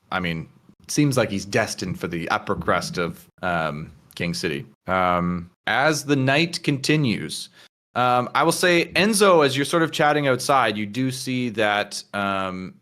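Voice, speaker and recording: A man running a tabletop role-playing game as game master, narrating with lots of fillers and slipping into quick character voices. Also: on the low side. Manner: halting, many fillers, lively character voices.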